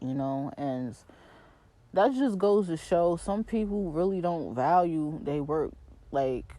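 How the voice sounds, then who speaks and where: A woman in her twenties with a New York accent, hosting her podcast and telling a story in a slangy, animated way, speaking straight to her listeners. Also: fairly low pitch, no room sound. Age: 20s. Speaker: podcast host. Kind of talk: casual storytelling rant.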